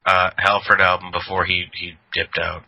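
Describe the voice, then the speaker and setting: Bright-voiced, low-pitched joking man. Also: flat delivery, normal speed, muffled recording. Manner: crude, joking, swears freely. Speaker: podcast co-host. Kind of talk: casual podcast chat.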